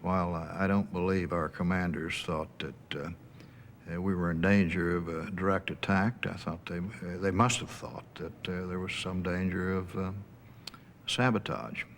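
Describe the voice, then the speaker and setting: Halting older man with very low voice. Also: steady tone, slight background noise. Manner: halting, many hesitations. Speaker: veteran interviewee. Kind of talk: recalled interview testimony.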